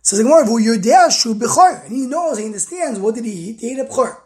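A woman with a slightly high voice teaches a text study lesson phrase by phrase. She reads a line of the original, then stops to unpack it in plain English. Her delivery comes in short bursts with the odd restart. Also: expressive, very fast, mellow. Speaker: Talmud teacher.

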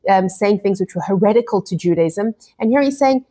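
A woman's voice: mid-range voice, lively intonation, brisk, few pauses, mellow, husky. A woman teaching a Torah lesson, explaining each verse and restarting phrases as she goes. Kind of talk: scripture lesson.

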